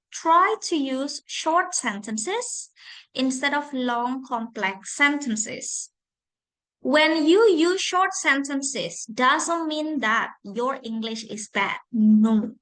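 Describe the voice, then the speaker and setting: A woman lecturer with an Indonesian accent leads an online English lesson. Her voice sits high and she talks at an unhurried pace, spelling out each example phrase with care. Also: fairly bright tone. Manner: slow, deliberate, repeats example phrases. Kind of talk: online lesson on presentation skills.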